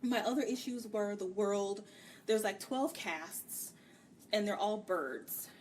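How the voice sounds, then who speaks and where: A woman co-hosting a book review show, ranting frankly about a novel in loose, casual chat. Her voice sits at an ordinary middle pitch. It comes from a mic set some way off, with a faint hiss behind it. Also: a little mellow. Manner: candid, ranting, acts out characters' lines in quick bits. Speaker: book review podcast co-host. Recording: distant mic with faint background noise.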